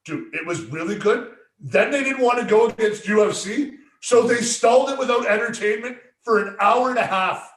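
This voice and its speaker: A man with a high voice chats casually and rambles, filling his talk with "like" and swear words. He sits back from the microphone, so his voice comes across distant. The room around him adds a noticeable echo. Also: moderate pace, fairly bright tone. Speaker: podcast co-host. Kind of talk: casual chat. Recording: roomy echo, away from the mic.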